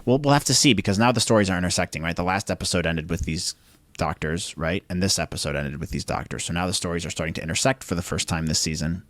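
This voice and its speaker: A podcast co-host chats casually in a low, fast voice with a fairly bright tone and no echo. He rambles, corrects himself, and keeps checking in with tag questions like "right?"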